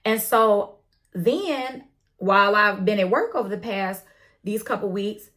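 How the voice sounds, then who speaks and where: A woman's voice: medium pitch, animated, measured pace, fairly bright tone. A woman telling a story to her viewers in a casual, slangy way, swearing now and then and talking to them as y'all. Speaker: tarot channel host.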